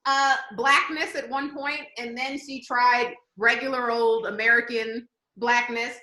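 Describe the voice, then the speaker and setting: A woman hosting a podcast over a video call, chatting casually, animated and laughing, often restarting her sentences. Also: fairly high pitch, unhurried, reverberant. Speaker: podcast host.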